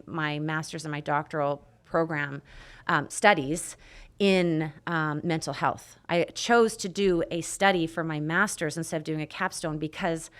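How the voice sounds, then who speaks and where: A woman's voice: deep voice, clear, resonant tone. A woman from Canada, a nurse practitioner, telling her story as a podcast guest in a candid, casual way, swearing now and then and acting out dialogue.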